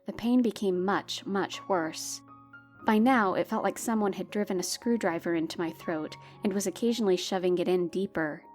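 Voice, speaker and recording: Wry woman narrating a story over soft music. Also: mid-range voice. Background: faint background music.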